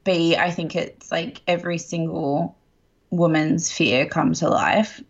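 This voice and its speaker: A woman co-host talks in a casual, gushing way, full of "like" and "you know." Her voice is husky and a little low. The recording sounds slightly muffled and lo-fi. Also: fairly even intonation, slow pace. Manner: chatty, gushing, lots of fillers. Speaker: podcast co-host. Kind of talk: casual chat.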